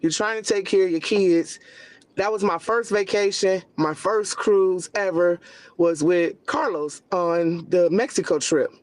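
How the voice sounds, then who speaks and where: A woman's voice: unhurried, a little mellow, no echo. A woman in her forties from Cleveland, a line dancer guest telling stories and acting out quotes in casual chat. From Cleveland, USA. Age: 40s. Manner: storytelling, acts out quotes with pitch jumps.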